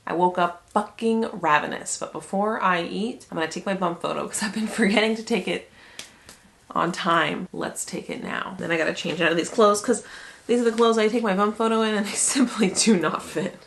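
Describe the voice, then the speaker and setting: A woman's voice: medium pitch, a little fast, creaky, a little hiss or hum. A pregnant young woman vlogging casually, rambling and chatty, swearing here and there. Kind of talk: casual vlog chat.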